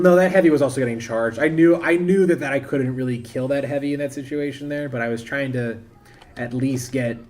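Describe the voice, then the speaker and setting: A man gives casual live commentary while streaming a shooter game, rambling, talking over the action, and joking self-deprecatingly about his own play. His voice is medium-pitched and a little mellow, with slight background noise.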